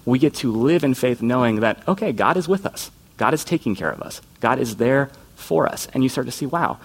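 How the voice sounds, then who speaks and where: A man's voice: mid-range voice, lively intonation, fairly quick, husky. A man preaching a conversational sermon as a youth pastor, earnest and informal, often slipping into quoted voices.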